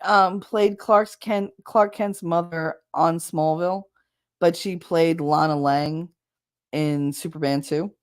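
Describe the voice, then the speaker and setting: A woman's voice: fairly low pitch, a little mellow. A middle-aged woman hosting a livestream, chatting casually and rambling, often laughing as she reads comments. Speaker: livestream host reading chat. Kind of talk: casual chat.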